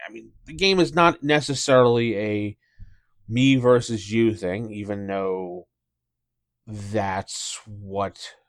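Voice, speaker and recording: A man's voice: fairly low pitch, no room sound. A middle-aged man, a dungeon master hosting his own channel, talks casually and in a rambling way, with many fillers and restarts. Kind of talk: casual talk to camera about tabletop gaming.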